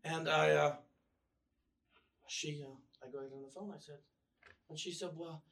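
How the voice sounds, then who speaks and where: A man's voice: fairly high pitch, fairly even intonation, normal speed, creaky, fairly bright tone, recorded from a distance. A male minister giving a casual, storytelling sermon with wry humor, often restarting his sentences. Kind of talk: conversational sermon. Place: church.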